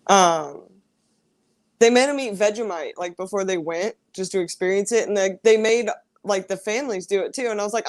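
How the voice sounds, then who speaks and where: A woman hosts a relaxed livestream and chats in a loose, rambling way. She sounds upbeat and talkative. Her voice sits at an ordinary middle pitch. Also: normal speed. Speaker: host. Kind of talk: casual livestream chat.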